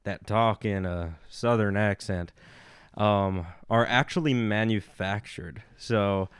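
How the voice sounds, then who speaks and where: Young Midwestern guy, cast member on a talk show, smooth and lowish voice, laughs often. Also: takes it slowly, no echo, clean studio sound. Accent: Midwestern American. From Nebraska, US. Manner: laughing, animated storytelling. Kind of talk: casual chat.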